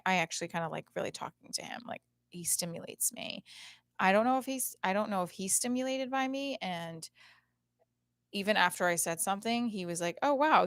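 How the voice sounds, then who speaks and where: A woman's voice: mid-range voice, a bit bright, dry recording, clean studio sound. A woman in her thirties hosting her own podcast in a casual, candid and rambling monologue, swearing freely and using many fillers. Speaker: podcast host. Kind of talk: casual live-stream monologue. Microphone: home setup, streaming and recording at once.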